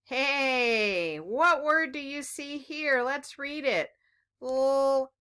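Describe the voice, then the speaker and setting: Slow, bright-voiced woman teaching children. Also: sits high. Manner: slow, encouraging, sing-song teacher voice. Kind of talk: children's phonics lesson.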